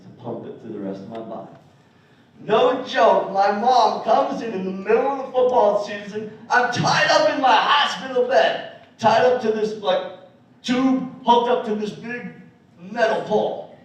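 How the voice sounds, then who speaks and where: A young man giving an energetic, storytelling motivational speech at a school assembly, talking straight to the kids. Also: high voice. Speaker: motivational speaker. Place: school gym or auditorium. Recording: echoey hall, mic from far off.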